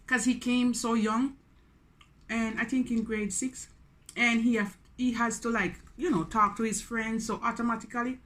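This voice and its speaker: A woman's voice: a little high, level tone, moderate pace, fairly bright tone. A Jamaican woman in her forties chatting casually on a mukbang vlog, slipping into Patois between English sentences. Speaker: food vlogger.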